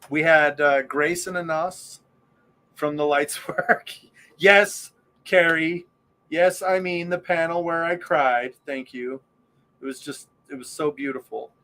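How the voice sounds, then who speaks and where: A man's voice: a little high, fairly bright tone. A man hosting a podcast in casual chat, rambling and enthusiastic, with lots of fillers. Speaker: podcast host.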